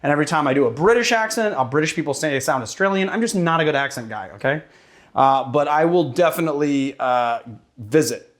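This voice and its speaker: Brief: laid-back male bartender host, slightly higher voice, jokey, loose delivery. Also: expressive, fairly quick. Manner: casual and joking, with fillers and curses. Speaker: cocktail show host. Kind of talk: casual cocktail demo and tasting.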